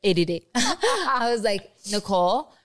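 Woman guest, casual chat, frank and laughing, smooth resonant voice. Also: medium pitch, normal speed. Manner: candid, swears freely, laughs often. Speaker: podcast guest.

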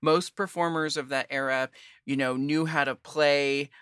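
A man's voice: fairly high pitch, fairly even intonation, measured pace, fairly bright tone, clean tone, dry recording, clean studio sound. A man hosting a podcast in casual chat, talking loosely with many fillers and frequent laughs. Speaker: podcast host.

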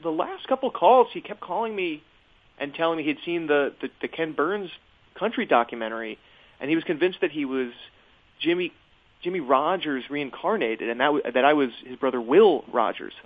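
A man's voice: a little high, lively intonation. Hesitant man on a tinny line. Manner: halting, hesitant, many fillers and restarts. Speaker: guest remembering a friend. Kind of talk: casual podcast conversation.

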